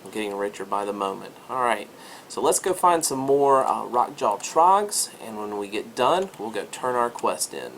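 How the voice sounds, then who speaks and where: A man's voice: mid-range voice, very animated, moderate pace, creaky, a bit bright, a little hiss or hum. A man walking through a video game step by step as a teaching demonstration, in an upbeat, chatty way. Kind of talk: screen-recorded game tutorial.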